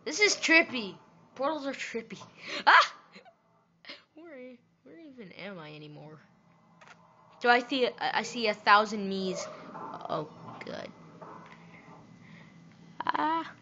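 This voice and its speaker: Excitable woman gamer talking to herself, bright voice that swings widely, muffled recording. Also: fairly high pitch, takes it slowly, pauses often, slight background noise. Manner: excitable, talks to herself, loud outbursts. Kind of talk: let's play commentary. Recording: dull lo-fi audio.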